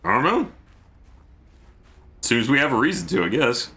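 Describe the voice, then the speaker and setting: A man's voice: mid-range voice, animated, moderate pace, sharp tone. A man streaming a game, chatting casually, joking and reading chat messages aloud. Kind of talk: casual gameplay commentary.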